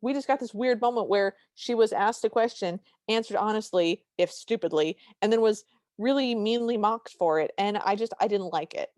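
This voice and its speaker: A woman's voice: medium pitch, normal speed, a little mellow, no echo, clean studio sound. A woman co-hosting a podcast, talking in an emphatic, indignant way and often repeating a point for effect. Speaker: podcast co-host. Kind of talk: casual chat.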